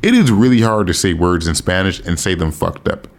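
American male podcast host, low-ish voice, very animated intonation, blunt and profane. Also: brisk. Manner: candid, blunt, swears freely. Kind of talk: casual solo podcast talk.

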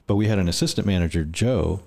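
A man's voice: deep voice, fast, gravelly. A man chatting casually on a podcast, telling a work story full of swearing and acted-out quotes. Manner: profane, animated storyteller acting out quotes. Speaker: podcast guest.

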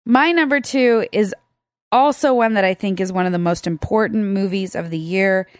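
A woman's voice: medium pitch, normal speed, no echo, studio quality. A woman co-hosting a casual film review chat, emotional and gushing, tearful and laughing often.

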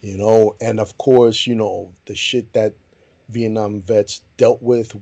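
A man's voice: fairly low pitch, fairly even intonation, takes it slowly, warm tone. A veteran man chatting casually, emphatic and profane, calling his guest bro. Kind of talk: casual chat.

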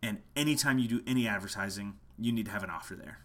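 Emphatic bright-voiced man teaching marketing. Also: on the low side, quick pace. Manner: passionate, emphatic, repeats key points. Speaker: musician teaching online marketing. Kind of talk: casual marketing talk to camera. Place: home, late at night.

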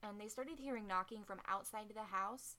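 A woman's voice: medium pitch, a little fast, bright, forceful tone. A woman co-hosting a podcast, casually retelling a history story with joking asides and lots of "um" and "like". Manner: chatty, joking asides, frequent "um" and "like".

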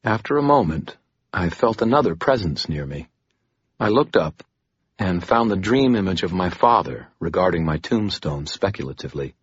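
Deep, husky male audiobook narrator. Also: lively intonation, moderate pace, dry recording, dull audio. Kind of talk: first-person audiobook narration.

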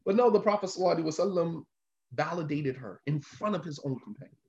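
A man with a voice on the high side and a darkish tone talks fast and animatedly in an informal sermon. As a religious teacher, he repeats his points with conversational emphasis. It's a roomy, dull lo-fi recording.

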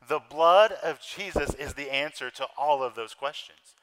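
A man in his thirties preaching a sermon in a church, earnest, his loudness and pace rising and falling widely. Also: a little high, lively intonation, moderate pace, hardly any pauses, low-quality recording. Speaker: pastor.

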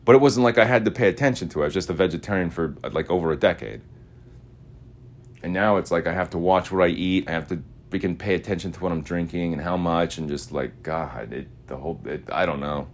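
Deep-voiced rambling man. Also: fast, slight background noise. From Utah. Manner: restless, repetitive, swings between loud chanting and mumbling asides. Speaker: podcaster. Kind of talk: rambling monologue voice message.

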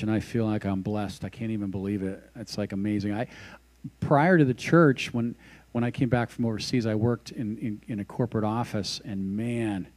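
A man's voice: fairly low pitch, warm tone. A man who works at a church, giving a casual devotional sermon with scripture reading and a closing prayer. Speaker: pastor.

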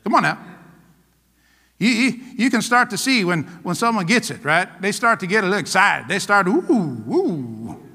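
A man pastor preaching a sermon, animated and playful, acting out little scenes and laughing along. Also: sits high, fairly quick, in a large hall.

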